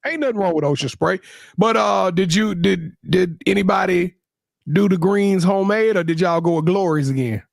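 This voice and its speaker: A woman co-hosting a casual chat, asking quick, lively questions. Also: on the low side, vocal fry, no echo, studio quality. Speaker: podcast co-host.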